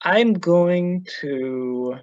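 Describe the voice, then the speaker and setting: A player in a tabletop game over an online voice call, relaxed and matter-of-fact. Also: medium pitch, very slow. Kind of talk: casual tabletop game play. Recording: dull lo-fi voice-chat mic.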